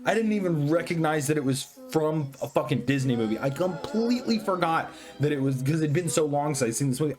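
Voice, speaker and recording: A tipsy man rambling excitedly through a profane movie review, full of fillers and swearing. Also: a little high, fairly quick, hardly any pauses, faint music behind. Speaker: host.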